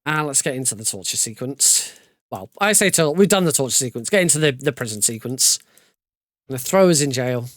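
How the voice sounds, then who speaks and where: A man's voice: mid-range voice, lively intonation, a little fast, fairly bright tone, no echo. A man giving casual, joking live commentary while playing through a video game speedrun. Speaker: speedrunner streamer. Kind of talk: live commentary over gameplay.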